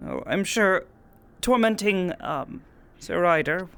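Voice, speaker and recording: A roleplayer speaking in character in voice chat, formal, polite and measured. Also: medium pitch, lively intonation, creaky, a bit bright.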